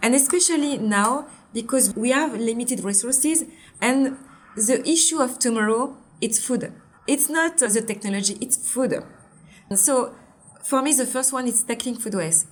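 A woman's voice: a little high, moderate pace, a little hiss or hum. A woman in her forties with a French accent, a brand founder explaining her products in an interview in an earnest, step-by-step way. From Martinique. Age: 40s.

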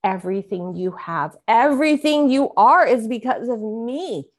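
A woman's voice: on the high side, expressive, normal speed. A woman voicing an enraged older mother who is scornful and domineering, read aloud from a memoir with a cutting, scolding delivery. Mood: scornful fury.

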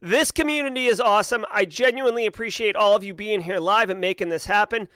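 A man hosting a live stream, casually chatting and giving energetic, playful shout-outs to viewers. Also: high voice, fast, dry recording. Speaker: livestream host.

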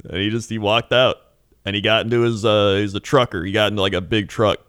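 A man's voice: lowish voice, steady tone, quick pace, a bit bright, smooth, no room sound, clean studio sound. A man co-hosting a casual chat, telling a story in a laid-back way and laughing often. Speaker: podcast co-host.

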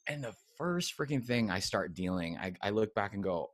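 A man's voice: lowish voice, moderate pace, dry recording, studio quality. A middle-aged man, a coach and guest on an interview show, telling a personal story in a casual way and acting out the voices of people he quotes. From United States. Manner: animated storyteller who acts out quoted voices.

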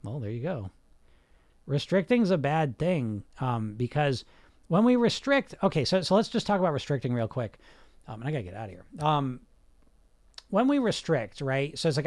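A man's voice: on the high side, big pitch swings, moderate pace, a little mellow, no echo, studio quality. A man coaching a group on weight loss, blunt and emphatic, sometimes swearing, who keeps asking rhetorical questions.

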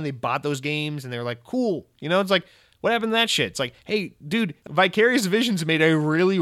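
A young man who rants about video games in a casual, rambling, profane and excitable way. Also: a little high, dry recording, studio quality. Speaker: gaming commentator. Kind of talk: casual rant.

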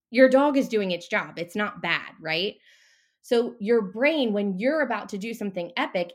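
Animated woman coaching on a podcast. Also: mid-range voice. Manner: animated, casual, mildly profane. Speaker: mindset coach guest. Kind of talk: casual podcast interview.

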